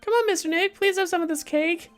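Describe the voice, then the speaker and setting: A woman's voice: quick pace, soft background music. Woman putting on a timid stammering little girl. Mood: polite. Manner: stammering, high and earnest. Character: timid little girl, polite and easily upset.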